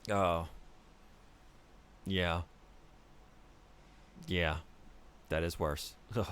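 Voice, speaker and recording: Deep-voiced man chatting while streaming. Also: takes it slowly, pauses often, smooth. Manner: animated, rambling, chats with viewers. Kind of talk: casual gameplay commentary.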